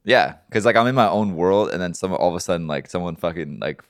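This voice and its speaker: A man's voice: low-pitched, lively intonation, fast, no room sound, studio quality. A young man co-hosting a podcast, talking in a laid-back, profane way in casual chat. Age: young adult. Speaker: podcast co-host.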